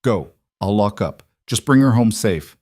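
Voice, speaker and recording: Steady, reassuring woman, as a man reads her. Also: fairly low pitch, measured pace, no room sound, studio quality. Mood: calm reassuring. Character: calm, supportive woman partner.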